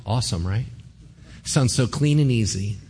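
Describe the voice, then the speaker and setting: A man's voice: mid-range voice, normal speed, darkish tone, faint music behind. A man, a pastor, giving a sermon in a conversational, joking way, often asking the congregation questions.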